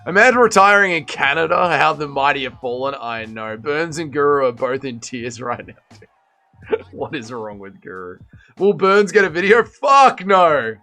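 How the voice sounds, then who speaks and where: A young man hosting a casual livestream, reacting to a fight and reading chat, excitable and swearing, swinging between shouting and mumbling. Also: fairly high pitch, a little slow, faint music behind.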